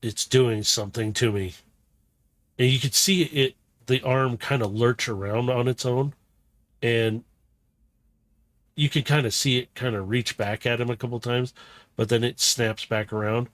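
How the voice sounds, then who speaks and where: Slow, halting male game master. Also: mid-range voice, steady tone, fairly bright tone, dry recording. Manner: slow, halting narration with fillers. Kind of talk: narrating a tabletop game.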